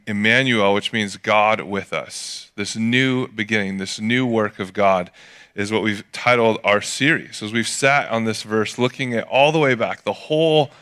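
Bright, crisp-voiced casual preacher. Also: male voice, mid-range voice. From California. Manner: casual storytelling, jokey asides. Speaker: pastor. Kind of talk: sermon.

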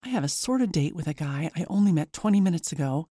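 A woman narrating a scary story in the first person in a lively, chatty way. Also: low-pitched, fast, no room sound, clean studio sound.

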